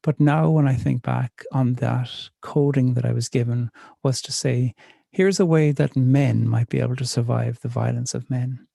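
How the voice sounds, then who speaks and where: A Northern Irish man reads poetry and tells stories at an unhurried, thoughtful pace. His voice is low-toned, mellow and gravelly, with a bit of fry. The sound is dry and close, with no room around it. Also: fairly even intonation, no room sound. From north of Ireland. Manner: slow, measured, reflective telling. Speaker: poet. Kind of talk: poetry reading and storytelling.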